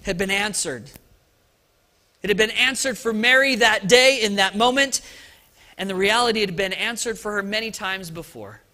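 Male pastor preaching at a church service, high and bright, loose, chatty delivery full of restarts. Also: normal speed. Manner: lively and conversational, with frequent restarts and asides. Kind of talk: Easter sermon.

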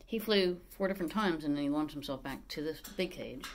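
A woman at home vlogging about her parrot, switching between plain talk to the camera and high, sing-song baby talk to the bird. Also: normal speed, hardly any pauses, darkish tone, slight background noise. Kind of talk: casual vlog talking to camera and her pet.

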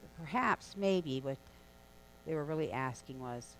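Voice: medium pitch, expressive, measured pace, a bit bright, low-quality recording. A preacher delivering a sermon in an easy, conversational way, weaving the story along with casual asides. The voice sits in a middle register. A faint electrical hum runs underneath. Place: church sanctuary.

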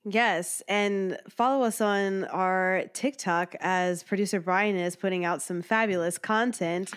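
A woman's voice: mid-range voice, a little slow, smooth. Upbeat woman co-host with a sick voice. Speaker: podcast co-host. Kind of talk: casual movie chat.

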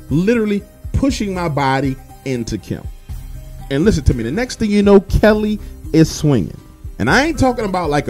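A man telling his own story in a casual, animated way, swearing freely and talking straight to his listeners. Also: on the high side. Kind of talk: casual first-person storytelling.

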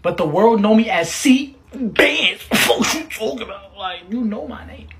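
A man's voice: high voice, lively intonation, a little slow, vocal fry, a bit bright, husky. A man doing brash, swaggering comedy sketches in slangy talk, laughing often. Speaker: comedy creator.

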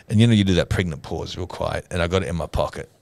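A man in his sixties with an Australian accent, a pastor co-hosting a show, telling a long funny story in a casual, animated way and often laughing. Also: sits low, fairly quick, creaky, dry recording.

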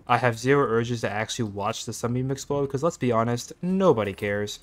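A man giving joking, self-mocking commentary over his own gameplay, quick to get startled. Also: medium pitch, fairly bright tone. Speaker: gaming video creator.

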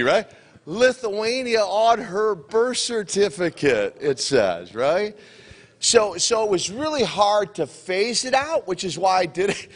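An older man holds a convention crowd with rambling, good-humored stories, slipping into little voices for the people in them. His voice sits a bit higher than most men's. He speaks into a handheld mic in a convention hall. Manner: animated, jokey storyteller, acts out quotes. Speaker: wrestling legend answering fan questions. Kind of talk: convention Q&A storytelling.

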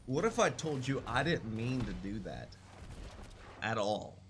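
A young man giving jokey, excitable commentary while playing a shooter game, breaking into sudden shouts. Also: medium pitch, unhurried. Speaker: gaming YouTuber. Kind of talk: live gameplay commentary. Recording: gunfire noise behind voice. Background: game gunfire.

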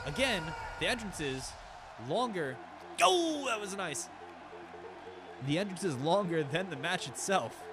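A man doing casual play-by-play wrestling commentary, excitable and swearing, with joking asides and a voice strained from overuse. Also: high-pitched. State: strained, losing his voice.

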